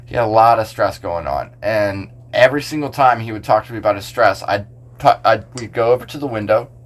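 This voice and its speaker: A man's voice: lowish voice, brisk. A man, a pastor, talking casually on a podcast, explaining scripture verse by verse with a loose, filler-heavy manner.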